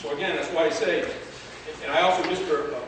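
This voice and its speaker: A man's voice: on the high side, steady tone, fast. Emphatic man speaking in an echoey hall. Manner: emphatic, repeating key points. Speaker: town meeting speaker, former selectman. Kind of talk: impassioned public comment. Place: large hall, town meeting. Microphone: room mic from afar. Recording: echoey distant hall sound with noise.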